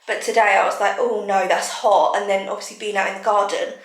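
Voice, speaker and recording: A young woman from England, talking candidly in a casual home vlog, often dropping to a soft, hushed voice. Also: medium pitch, level tone, a little fast, slightly rough. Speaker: vlogger. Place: at home, then outdoors in a garden.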